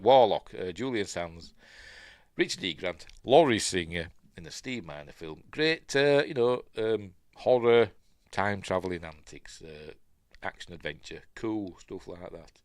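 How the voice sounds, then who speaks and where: An older Yorkshire man hosting a podcast talks through his favourites in a loose, rambling solo chat, chuckling often and trailing off to look up details. His low voice leaps widely in pitch, and the sound is dry and close with no echo.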